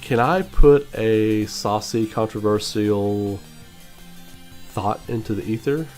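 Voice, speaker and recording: A man's voice: on the low side, takes it slowly, a little mellow, soft background music. A man hosting his channel, ranting casually and animatedly, swearing and mimicking mumbled voices. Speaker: channel host. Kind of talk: casual opinion rant.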